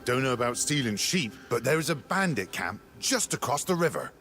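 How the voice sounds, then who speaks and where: A man's voice: mid-range voice, big pitch swings, fairly quick, a bit bright. An actor playing a blunt male villager in a fantasy video game, suspicious of a stranger. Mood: gruff. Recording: game audio with game music.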